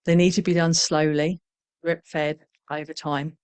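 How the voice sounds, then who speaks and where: A middle-aged woman with a lowish voice talks to fellow professionals about parenting in a candid, reflective way. She briefly acts out the quoted parents and children as she goes. The sound is dry and close, with no room echo. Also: little pitch movement, a little slow, darkish tone, clear, resonant tone. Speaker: parenting trainer. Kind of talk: conversational talk to professionals.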